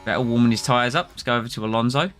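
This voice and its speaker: A man's voice: medium pitch, very fast, fairly bright tone. A man streaming a racing management game, chatting casually and reacting aloud to the game and his chat. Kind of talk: casual live-stream commentary.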